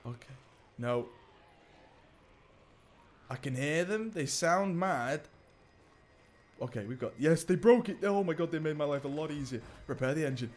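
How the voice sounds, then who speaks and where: This young gaming YouTuber talks at a measured pace and pauses often, his voice mid-range with a little hiss or hum in the recording. Excitable and jokey, he commentates a let's play and talks to the game characters.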